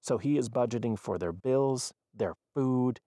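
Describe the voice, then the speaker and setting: A man's voice: medium pitch, unhurried, no room sound, clean studio sound. A man who is a parent, discussing a film casually and animatedly retelling scenes. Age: adult parent. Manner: animated retelling, acts out quoted lines.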